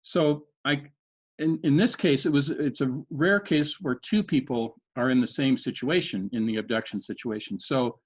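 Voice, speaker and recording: Older guy telling his story on a podcast, earnest, keeps restarting, medium pitch, kinda dull lo-fi sound. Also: normal speed. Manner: earnest, recounting events step by step with frequent restarts. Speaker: podcast guest. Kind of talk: conversational storytelling. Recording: dull lo-fi audio.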